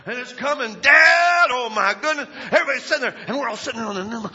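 A man preaching a sermon, telling a story in an animated way with bursts of shouting. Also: very high-pitched, fast talker, few pauses. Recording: echoey hall, dull lo-fi sound.

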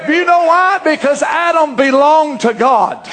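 A man preaching a fervent sermon, often rising to shouts. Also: extremely high pitch, expressive, unhurried, some chatter behind.

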